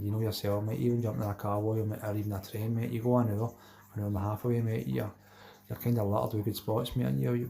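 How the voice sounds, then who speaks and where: A man's voice: fairly low pitch, creaky, dark tone. A middle-aged Scottish man hosting a live stream, chatting casually with viewers and reading out their comments, repeating himself and calling everyone mate.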